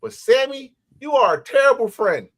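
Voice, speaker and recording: A man co-hosting a casual wrestling podcast, animated and profane, breaking into shouts and laughs. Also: very high-pitched, normal speed, poor audio. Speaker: podcast co-host.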